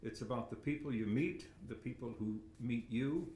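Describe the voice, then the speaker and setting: A man's voice: mid-range voice, normal speed, warm tone. An older man, a retired sportscaster, giving a rambling, self-deprecating acceptance speech with many anecdotes and chuckles at a podium microphone. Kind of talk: after-dinner acceptance speech. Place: banquet hall. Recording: echoey hall with faint room noise.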